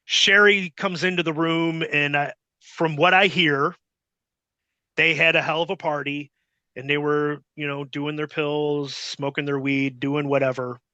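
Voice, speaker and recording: Bright-voiced middle-aged man telling a story. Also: a little high, flat delivery, a little slow, clear, resonant tone, no room sound, muffled recording. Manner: rambling, filler-heavy, acts out quotes. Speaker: podcast guest telling wrestling stories. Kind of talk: casual anecdote telling.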